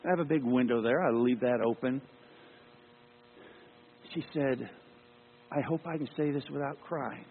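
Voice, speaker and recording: A man's voice: medium pitch, measured pace, long pauses. A man preaching a sermon, telling a personal story and acting out the dialogue in it with earnest feeling. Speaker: lay preacher. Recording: tinny phone-like sound with long hall reverb and mains hum.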